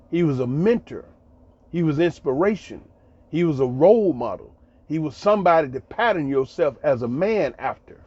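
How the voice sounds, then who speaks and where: A man's voice: a little high, darkish tone, husky, dull audio. A man hosting his channel, telling stories in a casual, laughing, colloquial way and repeating his phrases. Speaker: channel host. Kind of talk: casual storytelling monologue.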